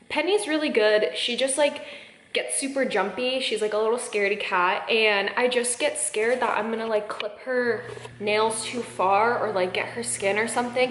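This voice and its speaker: A young woman chatting casually in a vlog, rambling with lots of fillers, talking from her car. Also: fairly high pitch. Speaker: vlogger. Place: in a car, on the road. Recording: noisy car recording.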